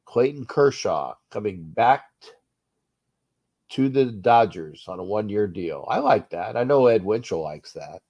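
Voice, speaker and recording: A man's voice: fairly low pitch, animated, unhurried, highs cut off. Stuffed-up rambling sports show host man. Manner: rambling, restarts often, swings from mutter to loud. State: stuffed up nose. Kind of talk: uncensored fan rant show.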